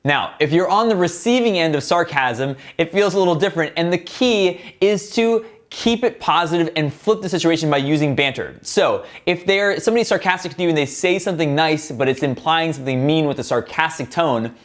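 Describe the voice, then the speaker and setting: A young man hosting a self-help video, talking casually to the camera and explaining with relaxed fillers and self-deprecating asides. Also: on the high side, a little fast, few pauses.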